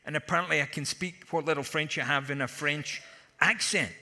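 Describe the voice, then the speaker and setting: A man preaches at a conference, mixing punchy jokes into his stories. His voice sits high and sounds very bright and sharp. It rings out through a large hall with a long reverb tail. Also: fairly even intonation, brisk. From Scotland. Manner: humorous storytelling with punchy asides. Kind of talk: conference sermon.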